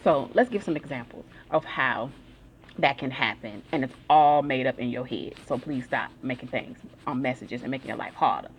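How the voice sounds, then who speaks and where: A woman's voice: rumbling low, moderate pace, a little hiss or hum. A woman giving a casual self-help talk, telling everyday stories in a chatty, slangy way. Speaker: motivational speaker.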